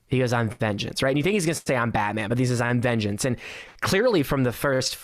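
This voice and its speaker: A man's voice: mid-range voice, fast talker, no room sound. A man co-hosting a casual film podcast, jumping into playful voices whenever he quotes a character. His voice sits close and dry on the mic, with no room around it. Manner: animated, acts out quotes, laughs often. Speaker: podcast co-host. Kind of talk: casual movie review chat.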